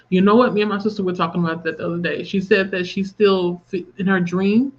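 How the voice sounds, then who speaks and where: A woman's voice: fairly low pitch, steady tone, brisk, highs cut off. A woman in her thirties hosting a livestream, chatting openly about grief and reading viewer comments aloud. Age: 30s. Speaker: livestream host. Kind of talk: casual livestream chat.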